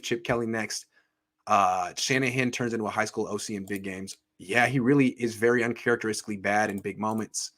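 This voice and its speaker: A man's voice: medium pitch, a bit bright. A man hosting a sports show, chatting casually and reading viewer comments aloud with blunt, sarcastic remarks. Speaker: sports podcast host.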